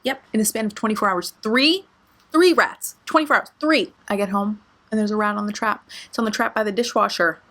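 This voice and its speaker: Young woman, storytime vlogger; lively, swears casually, very expressive. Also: medium pitch, fast, few pauses. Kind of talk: storytime vlog.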